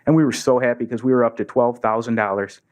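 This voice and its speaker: A man's voice: mid-range voice, fairly even intonation, quick pace. A man giving an earnest storytelling speech to a club audience in a meeting room, acting out the voices of people he quotes. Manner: earnest, acts out quoted dialogue. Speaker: Rotary district governor giving a speech.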